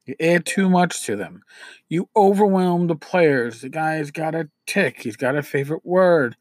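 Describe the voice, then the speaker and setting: High-voiced man rambling game-master advice. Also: lively intonation, unhurried, dry recording. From New York City. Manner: rambling, self-deprecating, with frequent restarts. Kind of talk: casual advice talk.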